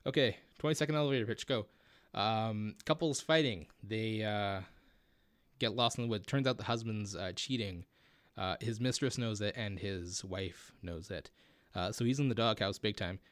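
A male podcast co-host chats casually, rambling with lots of fillers and restarts. His voice is lowish and fairly bright, at a moderate pace, recorded with no room sound.

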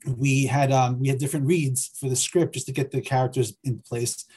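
Middle-aged filmmaker, male, mellow husky voice, thinks aloud with repeats. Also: mid-range voice, fairly even intonation, brisk. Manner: hesitant, repeats words while thinking aloud. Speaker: filmmaker and writer guest. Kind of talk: conversational interview.

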